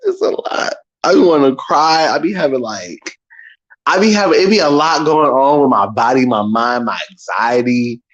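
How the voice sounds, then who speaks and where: A man around thirty telling a casual, profane story-rant about scary movies, dramatic and animated, breaking into mock screams. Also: mid-range voice, a little slow, muffled recording. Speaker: vlogger.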